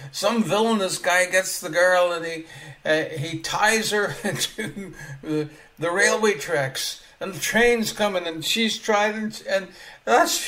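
A man delivering a lively sermon with a somewhat higher-pitched voice. He swings between soft, low asides and loud exclamations, and chuckles often as he preaches.

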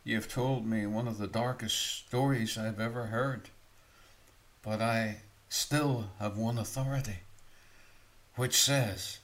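A man voicing a gentle male evangelist who answers slowly and solemnly. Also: fairly low pitch, steady tone. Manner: solemn, measured quoting.

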